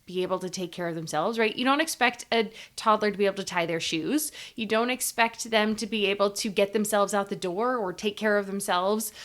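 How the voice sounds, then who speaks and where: A woman's voice: medium pitch, fairly quick, hardly any pauses. A woman hosting a podcast, agreeing and reflecting casually, with fillers like "you know" and "like". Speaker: podcast host.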